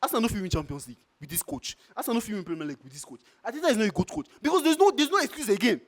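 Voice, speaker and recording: A man's voice: high-pitched, very animated, rapid-fire. A man with a Nigerian Pidgin English accent, ranting in a heated, exasperated way as a football fan in a street reaction.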